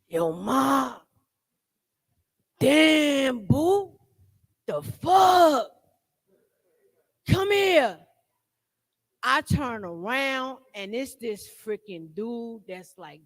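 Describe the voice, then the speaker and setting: A woman tells her recovery story frankly and with street slang at a live talk in a jail hall. Her voice sits a little high, and a long reverb hangs in the room behind it. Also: a bit bright. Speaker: guest speaker in recovery.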